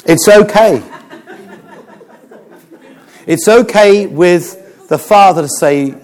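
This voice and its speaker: A man preaching a sermon, moving between humour and hushed, serious storytelling. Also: sits high, slow, long pauses. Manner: animated, humorous preaching with dramatic quiet passages.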